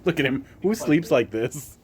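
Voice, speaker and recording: Chatty, animated male streamer. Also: fairly high pitch, normal speed, a little hiss or hum. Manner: chatty, rambling, jokey, hums to himself. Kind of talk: casual live-stream commentary.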